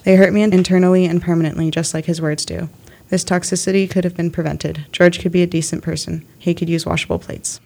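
A young woman of about eighteen reads her own essay aloud at a steady, measured pace. Her voice carries a noticeable gravelly fry. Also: lowish voice. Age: young adult. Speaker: student writer reading her essay.

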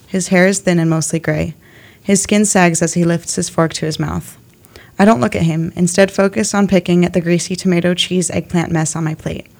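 A young woman of eighteen reading her own literary essay aloud in a steady, measured way. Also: fairly low pitch, creaky. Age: young adult.

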